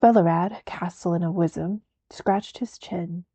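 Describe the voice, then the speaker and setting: A woman narrating a book aloud as a soft, unhurried ASMR reading. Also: fairly low pitch, husky, no room sound.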